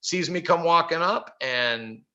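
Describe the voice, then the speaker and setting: Lively storytelling man, bright voice. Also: fairly high pitch, measured pace, dull audio. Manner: animated, laughs often, many fillers like "right?". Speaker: workshop speaker. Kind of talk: storytelling talk. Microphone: video call.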